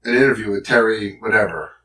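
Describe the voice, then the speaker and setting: A man's voice: fairly low pitch, fast, bright, forceful tone. Rambling man on a distant mic. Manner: rambling, trails off and restarts. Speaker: podcast co-host. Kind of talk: casual chat.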